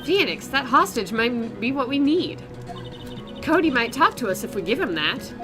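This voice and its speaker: A woman's voice: a little high, very animated, normal speed, over music. A woman voicing a helpful young female sidekick in a video game, read plainly.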